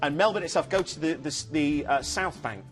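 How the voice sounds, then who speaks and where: A man's voice: on the high side, normal speed, faint music behind. A man presenting a TV cruise sales show, chatting enthusiastically and rambling with fillers. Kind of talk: casual studio sales chat. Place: TV studio.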